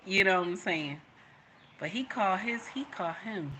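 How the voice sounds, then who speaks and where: A woman with a bright, forceful voice reacts to a video in casual commentary. She is animated, repeats her points, and talks directly to her viewers. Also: medium pitch, normal speed, a little hiss or hum.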